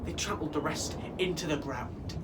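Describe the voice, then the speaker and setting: A man reading a children's pirate story aloud in a lively, expressive way. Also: on the high side, moderate pace. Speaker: children's show performer. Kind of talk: storybook narration for kids. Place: theatre. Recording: distant mic with faint noise.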